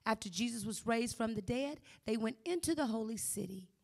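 A woman reading a scripture passage aloud in a steady, careful way, with small slips. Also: fairly high pitch, brisk, gravelly. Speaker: scripture reader.

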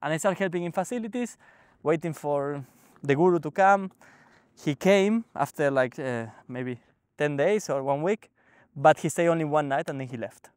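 Halting, animated man with a dry sound. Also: a little high, clear, resonant tone, dry recording. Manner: animated, halting, frequent restarts and fillers. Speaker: guest sharing a spiritual experience. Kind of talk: casual storytelling conversation. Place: ashram.

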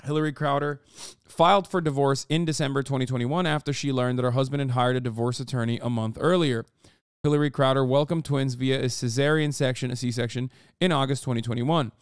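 A man's voice: medium pitch, steady tone, a little fast, clear, resonant tone, no echo, clean studio sound. A man streaming, reading a news article aloud and breaking off into profane, incredulous asides. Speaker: streamer and commentator. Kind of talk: casual reaction commentary, reading an article aloud.

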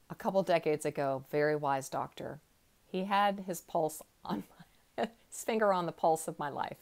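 A woman in her sixties, a counselor, gently guiding a slow relaxation exercise from a chair in her counseling room. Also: low voice, creaky. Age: 60s. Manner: gentle, unhurried, soothing guidance. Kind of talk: guided relaxation talk.

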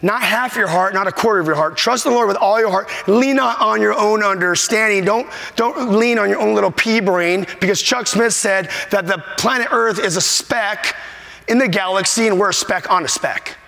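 In a church sanctuary with long hall reverb, a pastor preaches a sermon in a high-pitched, creaky voice with a sharp tone at normal speed. He's emphatic and repetitive, and at times chokes up with emotion.

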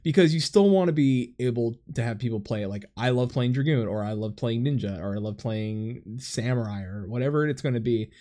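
A man's voice: medium pitch, brisk, few pauses, mellow. A man co-hosting a casual gaming podcast over voice chat, rambling with lots of fillers. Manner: rambling, filler-heavy, laughs often. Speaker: podcast co-host. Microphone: headset over voice chat.

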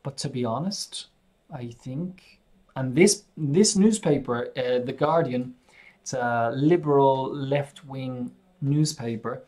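A man's voice: medium pitch, takes it slowly, darkish tone. A man from Ireland with an Irish accent, chatting casually through a live-stream English lesson, rambling with many restarts and fillers. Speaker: English teacher. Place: living in Spain.

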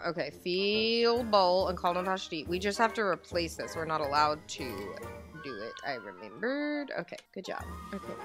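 A woman's voice: medium pitch, sharp tone. Chatty young woman playing a life sim. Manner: chatty, talks to her game characters. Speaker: gaming channel host. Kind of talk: casual let's-play commentary.

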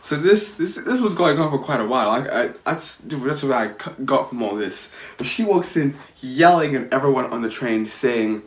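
A man's voice: medium pitch, expressive, moderate pace, hardly any pauses. Young man rambling a story, echoey room. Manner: rambling, swearing, frequent restarts. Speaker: vlogger. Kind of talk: casual storytelling.

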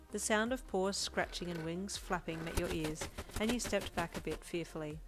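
A woman narrates a fan fiction story in a calm, steady way. Her voice sits a little low. A faint music track plays underneath the reading. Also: moderate pace, few pauses. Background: soft backing music.

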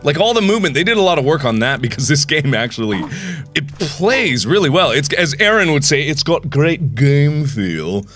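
Excitable man narrating a game. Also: a little high, fairly quick, soft background music. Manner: excitable, jokey, swings between yelps and mutters. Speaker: gaming video host. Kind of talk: gameplay commentary.

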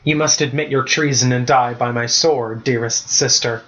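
A man's voice: mid-range voice, steady tone, normal speed, a bit bright, lightly acted. A man voicing a fierce loyalist sister. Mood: defiant. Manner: defiant, scornful. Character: fierce loyalist older sister, sword fighter. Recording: muffled lo-fi recording.

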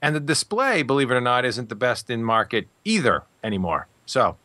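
A man giving a relaxed, plain-spoken product rundown on a tech podcast, thinking aloud as he goes. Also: medium pitch, brisk, no echo.

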